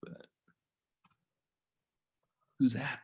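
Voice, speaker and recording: A young man co-hosting a casual podcast, telling animated, profane stories. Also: drawn-out words. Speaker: podcast co-host. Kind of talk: casual chat.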